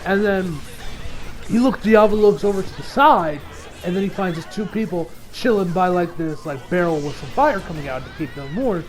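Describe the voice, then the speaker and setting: A man's voice: sits high, expressive, normal speed, soft background music. A man giving a casual, rambling episode recap as an anime reviewer, full of fillers and laughs.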